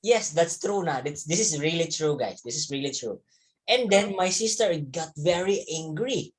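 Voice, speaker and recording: A man's voice: a little high, expressive, normal speed. A man, a teacher telling young students a story from his childhood, repeating words and chuckling as he goes. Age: 30s.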